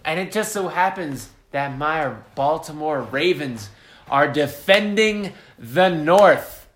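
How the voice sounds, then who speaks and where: A young man in casual sports-podcast banter, with a slightly higher pitch than most men. He jokes and swears freely and works himself up into hyped speeches. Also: animated, slow, a bit bright, echoey room. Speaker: podcast co-host.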